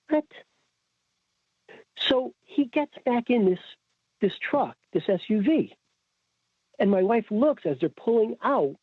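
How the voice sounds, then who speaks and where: Podcast guest, Connecticut man, lively retelling with many restarts, lo-fi phone-quality audio. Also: high voice, breathy edge, no echo. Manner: animated, acts out quoted voices, frequent restarts. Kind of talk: storytelling in a casual chat. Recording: tinny phone-like audio, dry.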